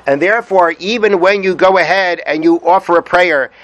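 A man's voice: sits high, moderate pace, fairly bright tone, poor audio. A man giving a Torah lesson, reading Hebrew sources aloud and translating them, explaining patiently and repeating his points. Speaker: Torah teacher.

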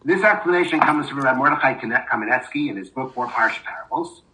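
A man's voice: medium pitch, expressive, fast, bright, forceful tone, poor audio. A man giving a Torah class in a thoughtful way, with many fillers and restarts as he explains a text and reads a story aloud. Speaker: Torah teacher.

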